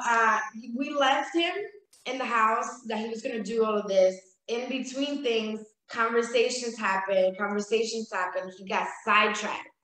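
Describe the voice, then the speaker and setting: Animated woman telling a story, echoey room. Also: on the high side. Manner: animated, laughing, acts out her own lines. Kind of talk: casual storytelling on a live stream.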